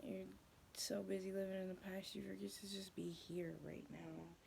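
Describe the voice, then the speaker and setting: A woman's voice: mid-range voice, little pitch movement, normal speed, creaky, darkish tone, a little hiss or hum. A young woman chatting casually in her bedroom, telling a rambling story, swearing often and sometimes dropping into a whisper. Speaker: vlogger.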